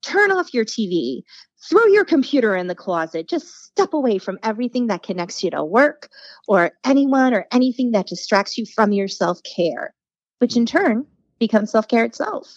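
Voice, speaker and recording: A woman with a slightly high voice speaks at a moderate pace, recorded dry with dull audio. She's a podcast guest in casual conversation, an animated storyteller who acts out the voices of the people she quotes.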